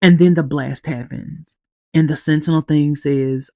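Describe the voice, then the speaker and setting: A woman recaps a TV episode on her podcast, teary-eyed and halting, leaving long pauses. She talks slowly in a gravelly, mellow voice. The room sound is dry and close. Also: low voice, fairly even intonation, no echo. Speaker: podcast host.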